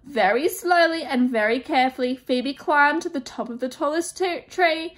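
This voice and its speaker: A female student teacher reads a picture book aloud to children, expressive and pausing to ask them questions. She has a high voice and a moderate pace.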